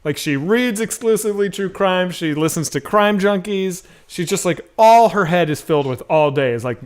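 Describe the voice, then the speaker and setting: A man co-hosting a podcast in casual, profane banter, animated and quick to laugh. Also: high voice. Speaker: podcast co-host. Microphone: streamed podcast mic.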